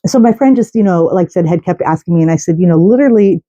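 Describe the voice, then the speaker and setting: A woman's voice: lowish voice, expressive, quick pace, warm tone, no echo, muffled recording. Chatty woman telling a story to camera. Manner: chatty and rambling, with restarts. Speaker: host. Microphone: camera mic.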